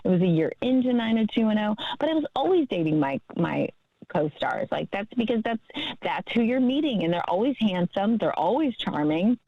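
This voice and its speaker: Middle-aged actress guest, effusive and chatty, dry slightly dull call audio. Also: female voice, medium pitch, big pitch swings, moderate pace, no room sound. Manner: chatty and effusive, laughs often. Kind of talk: casual interview chat.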